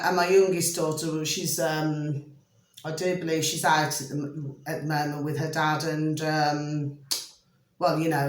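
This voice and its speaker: A middle-aged woman, talking casually and affectionately to camera at home, rambling and often checking that her viewers follow her. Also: low voice. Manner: chatty, doting, keeps checking listeners follow. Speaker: vlogger doing readings. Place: indoors at home. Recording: roomy home recording.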